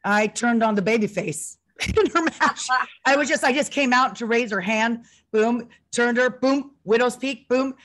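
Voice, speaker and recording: A woman co-hosting a casual chat, excitable and acting out what people said. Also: a little high, unhurried. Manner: chatty, excitable, acts out quotes. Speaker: co-host.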